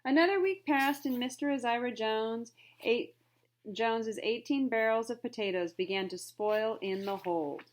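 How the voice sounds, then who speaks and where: Woman narrator, storybook read-aloud, clear and steady delivery. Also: fairly high pitch, moderate pace. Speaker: reader.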